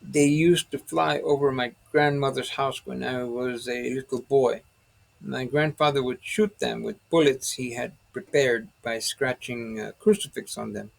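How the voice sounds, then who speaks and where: A man's voice: medium pitch, unhurried, creaky. A man voicing a short, portly, frightened police sergeant with a heavy Spanish accent. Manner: excitable, fearful.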